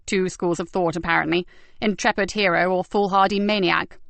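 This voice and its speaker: A brisk male chief inspector in a crime audiobook, read by a woman, curt and commanding. The voice stays near her own pitch, dry and close to the mic. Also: fairly even intonation, gravelly, a bit bright, dry recording.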